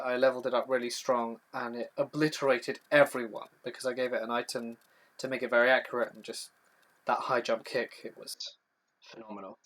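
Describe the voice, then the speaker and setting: A man's voice: medium pitch, a bit bright. A young man hosting a live stream, chatty as he reads viewer questions from the chat and answers them one by one. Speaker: horror storytelling channel host.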